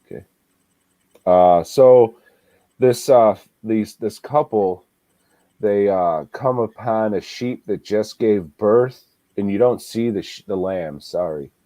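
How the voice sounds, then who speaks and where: Give me a relaxed man reviewing movies on a podcast, slow and unhurried, dry close sound. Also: fairly low pitch, no room sound. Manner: laid-back, swears a lot, laughs while retelling. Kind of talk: casual movie review chat.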